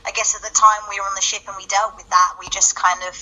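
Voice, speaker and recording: Bright-voiced British woman chatting as guest. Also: medium pitch, flat delivery, fast, low-quality recording. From United Kingdom. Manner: earnest, many restarts, chatty. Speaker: podcast guest. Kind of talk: casual chat.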